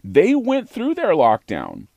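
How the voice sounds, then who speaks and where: Brief: American male podcast host, lively swooping delivery, emphatic and rhetorical, dry close sound. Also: high voice, takes it slowly, creaky, no room sound, dull audio. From United States. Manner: emphatic, rhetorical, repeats phrases for effect. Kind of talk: opinionated podcast monologue.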